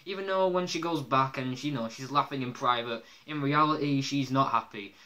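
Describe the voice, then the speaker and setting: Brief: male reviewer, bright, forward tone, loose and chatty with frequent laughs and filler words. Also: medium pitch, normal speed. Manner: rambling, laughs often, many fillers. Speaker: episode reviewer. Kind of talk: casual spoken review.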